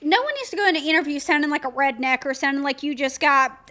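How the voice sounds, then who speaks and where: A young woman, a podcast co-host and pageant titleholder with a mild Georgia Southern accent, tells stories animatedly in a casual chat. She speaks fast in a high voice with few pauses, addressing listeners directly.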